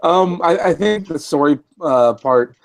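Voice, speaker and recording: A man's voice: fairly high pitch, expressive, measured pace, vocal fry, no echo. Hesitant man on a dry mic. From Canada. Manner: hesitant, many fillers and restarts. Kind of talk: casual group chat on a stream.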